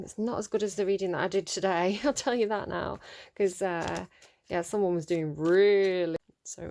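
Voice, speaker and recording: A woman talks her way through a tarot reading in a loose, chatty monologue. She is animated, fills her speech with ums and likes, and now and then swears mildly while telling the cards off. Her voice sits at an ordinary middle pitch. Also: slight background noise. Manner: chatty and animated, with many fillers, mild swearing and scolding of the cards. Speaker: tarot reader. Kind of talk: casual spoken tarot reading.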